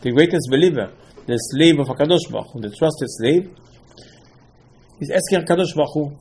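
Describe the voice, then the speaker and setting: A man teaching an animated Torah class, mixing Hebrew terms into his English and pressing rhetorical questions. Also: on the high side, fairly quick, pauses often, husky. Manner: repeats rhetorical questions, emphatic.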